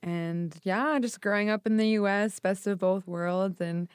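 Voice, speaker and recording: A woman's voice: medium pitch, a little slow, clean tone, dry recording, clean studio sound. A young adult woman, chatting casually as a podcast guest, full of fillers. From United States. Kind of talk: casual chat.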